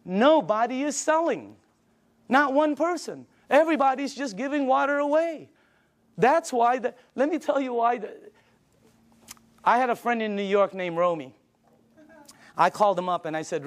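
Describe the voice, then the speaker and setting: A man giving an emphatic, energetic sales pitch to a live audience in a meeting room, chuckling between points. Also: moderate pace. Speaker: sales presenter.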